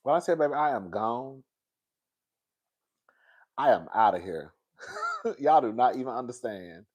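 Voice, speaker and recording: A man's voice: mid-range voice, lively intonation, measured pace, darkish tone. Exasperated chatty man on a livestream. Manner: exasperated, repeating himself, addressing viewers as girl and y'all. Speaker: livestream host. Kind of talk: casual livestream chat.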